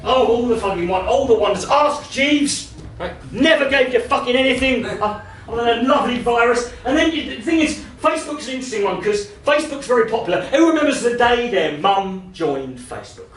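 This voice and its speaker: A man in his thirties doing a live stand-up set, brash and profane, breaking into shouts. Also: extremely high pitch, lively intonation, a little fast, recorded from a distance, a little hiss or hum. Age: 30s. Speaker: stand-up comedian. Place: comedy venue in front of a laughing audience. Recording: roomy live venue sound, voice off-mic at times.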